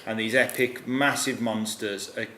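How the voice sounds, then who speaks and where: Reviewing films in a casual, animated chat, a man speaks at a measured pace with a lowish, sharp-toned voice and fairly even intonation. He swears casually and drifts into silly voices, recorded in an echoey room with faint noise.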